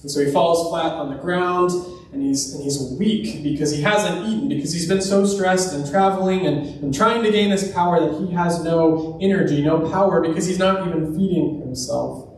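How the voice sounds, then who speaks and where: A man's voice: fairly high pitch, normal speed, slight background noise. A man giving a sermon in a church, retelling a story in a conversational way with personal asides. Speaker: preacher. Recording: very echoey room, distant mic.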